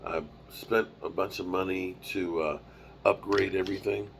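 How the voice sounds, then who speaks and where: A man's voice: low voice, steady tone, moderate pace, gravelly, slight background noise. A man in his fifties, tired and rambling, talking casually on a live stream from the road through a microphone and small mixer. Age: 50s. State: tired, yawning. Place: on the road, mobile setup.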